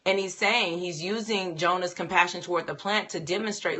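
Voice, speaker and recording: Woman, Bible teacher, devotional talk, animated, rhetorical questions, bright voice. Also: on the low side, normal speed.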